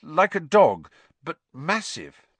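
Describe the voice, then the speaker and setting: A nervous teenage boy wizard, as a man puts him on, speaking a little higher than the narrator with a guarded, hesitant manner. The voice is dry and close. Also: very animated, slow pace, breathy edge, no room sound, heavily acted. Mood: wary. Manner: nervous, evasive.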